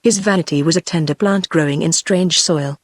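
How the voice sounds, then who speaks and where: Synthetic audiobook narrator, mid pitch, dry sound. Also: a little fast, dry recording. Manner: even, flat machine delivery. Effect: text-to-speech. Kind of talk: scripted narration.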